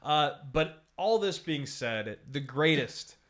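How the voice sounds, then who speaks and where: A man co-hosting a casual movie podcast, animated and laughing often, jumping into high voices to mimic actors. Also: slow. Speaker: podcast co-host. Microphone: podcast mic.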